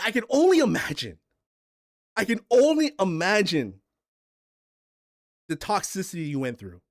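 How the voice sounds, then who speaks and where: A man hosting a livestream, ranting casually and profanely, with rambling restarts. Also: sits high. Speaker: streamer and podcast host.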